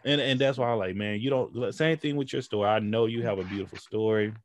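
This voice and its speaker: A man's voice: lowish voice, quick pace. A man hosting a podcast in casual conversation, loose and rambling, laughing often and acting out relatives' voices as he tells stories. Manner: acts out relatives' voices while telling stories. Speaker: podcast host.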